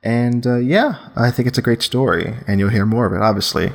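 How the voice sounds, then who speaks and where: A man's voice: mid-range voice, fairly quick, creaky. A man hosting a podcast, chatting casually with enthusiasm and introducing clips, rambling with fillers. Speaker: podcast host.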